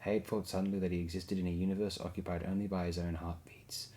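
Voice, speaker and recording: A man narrating an audiobook in a steady, measured reading. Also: sits low.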